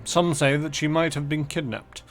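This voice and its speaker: A man's voice: a little high, steady tone, moderate pace, close to an everyday voice. A man voicing a dutiful royal advisor reporting to the ruler in a game. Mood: urgent. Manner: dutiful, reading aloud.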